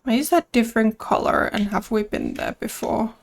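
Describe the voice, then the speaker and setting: A woman's voice: a little high, moderate pace, vocal fry. A woman streaming a video game, chatting casually and playfully, sneezing now and then and singing silly rhymes. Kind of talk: casual gameplay commentary.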